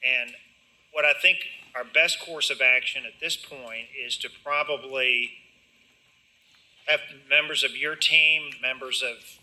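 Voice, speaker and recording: A county commissioner speaking at a public meeting in a measured, hesitant way, with many fillers. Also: male voice, mid-range voice, fairly even intonation, bright, forceful tone, poor audio.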